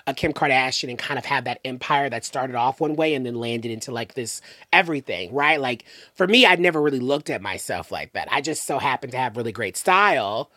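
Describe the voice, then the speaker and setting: A man from the southern United States chats as a podcast guest, his pitch swooping up and down as he talks. He speaks animatedly and loosely, stacking "like"s and restarting thoughts. The mic is close and dry, with no room sound. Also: fairly quick, hardly any pauses, dry recording. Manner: animated, filler-heavy, lots of "like" and restarts. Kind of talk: casual chat.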